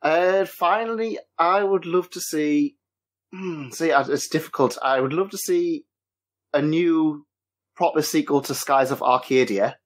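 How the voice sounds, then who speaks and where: A man's voice: a little high, a little slow. A man hosting a casual podcast chat, hesitant with many restarts. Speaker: podcast host.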